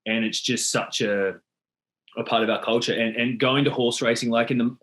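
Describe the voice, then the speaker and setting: A young adult man from Australia with an Australian accent, a podcast guest explaining things in a relaxed way with frequent fillers. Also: medium pitch, normal speed. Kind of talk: casual chat.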